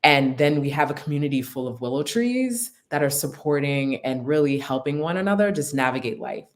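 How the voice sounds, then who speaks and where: A woman counselor calmly and steadily explaining her practice as a guest, with a few fillers. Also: deep voice, fairly quick. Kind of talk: explaining in an interview.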